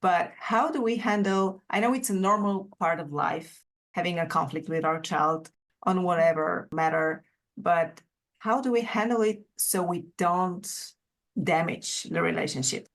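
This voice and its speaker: A woman's voice: on the low side, a little slow. A woman hosting a parenting podcast, affirming her guest and asking questions about her own family. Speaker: podcast host. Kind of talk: casual interview chat.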